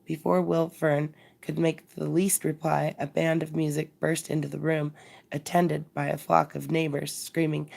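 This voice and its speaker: A woman narrating a classic story aloud as a bedtime reading, measured and expressive. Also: deep voice, gravelly.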